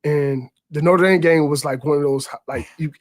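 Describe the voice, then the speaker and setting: A man in his thirties with a somewhat high voice tells old game stories as a radio guest. He talks in an animated, loose way, stacking repeated words as he goes, and his pitch leaps up whenever he acts out what a teammate said. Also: normal speed. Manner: animated, pitch jumps high when quoting others; repeats words while gathering thoughts. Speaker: former quarterback guest. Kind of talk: casual sports talk storytelling.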